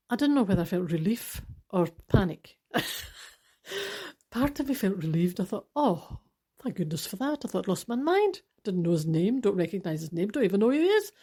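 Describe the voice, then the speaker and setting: A middle-aged Scottish woman hosting a podcast, telling rambling stories in a lively, laughing way. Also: mid-range voice. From Scottish Highlands. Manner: animated, laughing, rambling storyteller. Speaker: podcast host. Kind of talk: chatty solo monologue.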